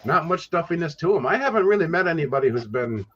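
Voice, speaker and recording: A man's voice: fairly high pitch, lively intonation, quick pace, fairly bright tone, lo-fi sound. A man in casual chat, rambling about meeting voice actors at signings and laughing often.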